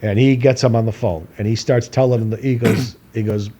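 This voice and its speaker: Speaking a little fast, a man co-hosting a podcast tells a long personal story in a loose, rambling way. His medium-pitched voice is mellow with a breathy edge and fairly even intonation, and he laughs a lot and raises his voice when acting out what people said.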